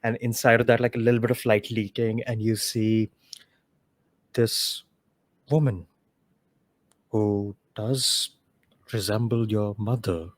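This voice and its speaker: A man's voice: lowish voice, fairly even intonation, slow, long pauses, no echo. A man narrating a tabletop game as dungeon master, casual and loose with many filler words.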